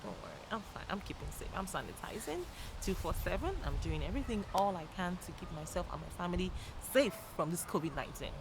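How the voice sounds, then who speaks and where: A motivational YouTuber, an upbeat woman, talks fast in a chatty, energetic way, laughing often and sometimes bursting into loud, high-pitched greetings. Steady traffic noise is clearly audible behind her.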